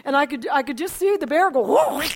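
An older woman telling an emotional personal testimony, animated, with frequent restarts and a voice that climbs and drops. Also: high-pitched, quick pace. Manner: animated storyteller, voice rises and falls, frequent restarts. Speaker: speaker giving a testimony.

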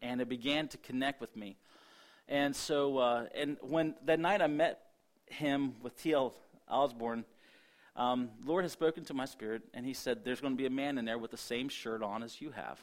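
Man, preacher, middle-aged, mid-pitched voice, sermon testimony, quotes himself and others. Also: moderate pace. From Ohio, USA. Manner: storytelling, quotes himself and others, many restarts.

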